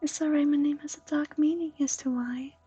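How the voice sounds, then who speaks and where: A woman from Sweden, a streamer and intuitive counselor chatting softly with viewers, often slipping into a breathy whisper. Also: high-pitched, steady tone, brisk, no echo, dull audio, soft background music. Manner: soft, often drifting into a breathy whisper, laughs often. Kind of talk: live stream chat with viewers.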